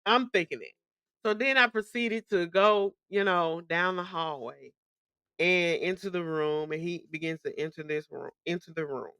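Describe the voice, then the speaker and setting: A woman's voice: on the low side, normal speed, bright, forceful tone, clear, resonant tone, no room sound. A young adult woman hosting a podcast, telling a personal story in candid, emphatic, slangy casual speech with many repetitions. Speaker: podcast host.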